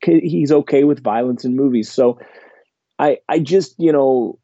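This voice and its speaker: Mellow-voiced man rambling about horror films. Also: mid-range voice, measured pace, no room sound, dull audio. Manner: rambling, enthusiastic, many restarts and fillers. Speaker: podcast host.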